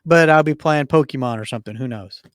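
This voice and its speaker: A man's voice: mid-range voice, quick pace, smooth, no room sound, studio quality. A man co-hosting a casual podcast, laid-back and rambling, often repeating words as he starts a sentence. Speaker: podcast co-host.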